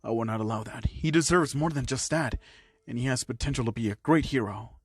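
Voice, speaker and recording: A man's voice: mid-range voice, brisk, husky, dry recording, natural voice. A man voicing a caring adult male hero and mentor who speaks firmly. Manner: firm, warm-hearted.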